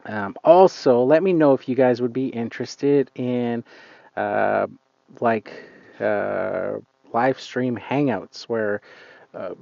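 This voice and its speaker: A man's voice: fairly low pitch, gravelly, darkish tone, dry recording, muffled recording. A man hosting a casual live stream outdoors, rambling and hesitant with lots of fillers, talking into a phone. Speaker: lawn care channel host. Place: outdoors on a client's lawn.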